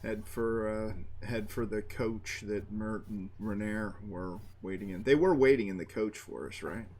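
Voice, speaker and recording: A man's voice: fairly low pitch, measured pace, a little mellow. A man playing a tabletop game in a casual, joking manner. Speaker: player.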